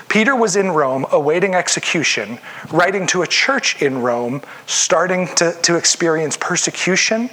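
A man delivering a sermon in a casual, conversational tone. His voice sits a little higher than most men's, and he slips into acted voices whenever he quotes someone. He talks the way a pastor talks to his own congregation. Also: fairly bright tone.

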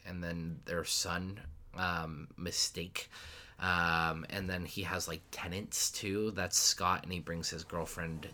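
A man with a very low, forceful voice talks loosely through a film's plot, stumbling over fillers and restarts and dropping the odd swear. He turns animated and louder as the story heats up, a casual podcast co-host. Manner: animated retelling with sudden loud bursts. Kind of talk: casual chat recapping a movie.

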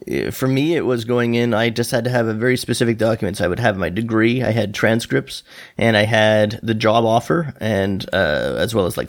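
A man chatting casually with friends, reacting quickly and comparing stories. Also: fairly low pitch. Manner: responsive listener, quick reactions. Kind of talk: casual chat.

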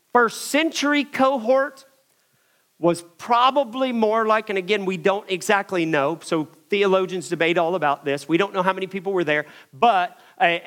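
A man preaching a sermon, telling a story in an animated way and swinging from loud emphasis to hushed moments. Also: high-pitched.

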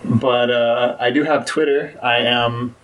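A man's voice: mid-range voice, fairly even intonation, takes it slowly, fairly bright tone, highs cut off. Male guest on a casual podcast, hesitant, hedging, self-correcting.

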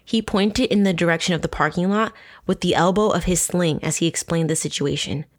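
A young adult woman hosting a true crime podcast, telling stories in a casual, profane, animated way. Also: on the low side, fairly quick. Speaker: podcast host.

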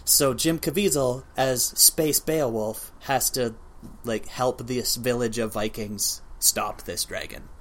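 A man's voice: mid-range voice, fairly bright tone. A man co-hosting a podcast, talking about movies with enthusiasm and dry humor. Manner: quick, enthusiastic, dry jokes. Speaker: podcast co-host. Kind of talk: casual movie chat.

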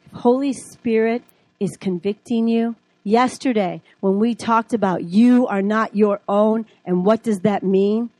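A woman's voice: medium pitch, slow pace, no echo. Dry-voiced woman teaching with testimony. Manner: lively storyteller who acts out dialogue. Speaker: Bible teacher. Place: classroom.

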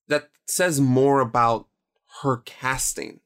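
A man's voice: mid-range voice, fairly even intonation, slow. A man co-hosts a casual podcast about a film, with an ordinary, mid-range voice. He talks in long, rambling stretches, stressing his points and often correcting himself. The talk is loose and conversational. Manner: rambling, self-correcting, emphatic. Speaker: podcast co-host.

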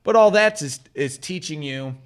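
A man's voice: a little high, animated, normal speed. A man co-hosting a podcast in casual chat, swearing freely and laughing often. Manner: loose, profane, laughs often. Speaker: podcast co-host.

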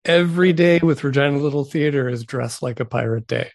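A man's voice: mid-range voice, brisk, creaky, darkish tone, no room sound, studio quality. A man from Saskatchewan co-hosting a comedy podcast, playing the wry straight man. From Saskatchewan, Canada. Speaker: podcast co-host. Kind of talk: comedic banter.

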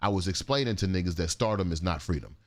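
Laid-back low-voiced man commentating. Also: animated, quick pace, no room sound, studio quality. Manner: laid-back, frank, slangy. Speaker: commentator host. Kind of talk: casual commentary on viral clips.

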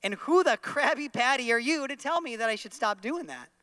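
A man's voice: very high voice, expressive, a little fast, bright, forceful tone, no room sound, pitched above the performer's own voice, full character voice. A man voicing an indignant, defensive male shopper who talks back with defiant, incredulous retorts.

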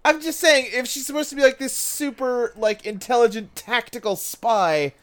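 A man's voice: extremely high pitch, moderate pace, fairly bright tone. A man co-hosting a podcast, chatting casually in an emphatic, joking way. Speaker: podcast co-host. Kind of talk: casual chat.

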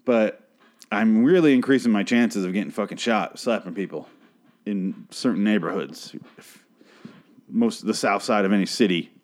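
A man recapping a TV episode in a casual monologue, rambling and profane, breaking off to act out the characters' lines in animated voices. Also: on the low side, normal speed. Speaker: show recapper.

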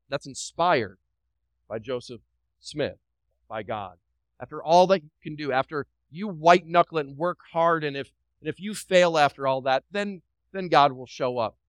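A man's voice: mid-range voice, smooth, no echo, rough recording. A pastor delivering a sermon to his congregation. He preaches emphatically, repeats phrases, asks the room questions and drops light joking asides.

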